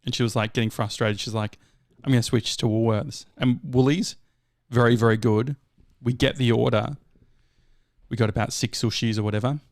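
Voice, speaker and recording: A man's voice: medium pitch, fairly even intonation, moderate pace, dry recording, studio quality. Rambling Australian man on a podcast. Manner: rambling, self-correcting storyteller. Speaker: podcast co-host. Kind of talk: casual chat.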